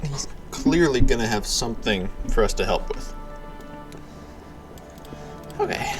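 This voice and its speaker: A man doing relaxed gameplay commentary on a stream, chatty and easygoing. His pitch moves around a lot as he talks. Soft music sits faintly behind him. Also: unhurried, long pauses. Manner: laid-back, chatty.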